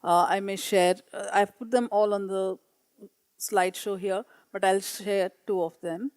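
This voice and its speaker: Mellow-voiced woman presenting. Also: medium pitch, steady tone, a little slow, smooth, no echo. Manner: earnest, with frequent hesitations and readings aloud. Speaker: teacher. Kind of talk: conference presentation. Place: meeting room.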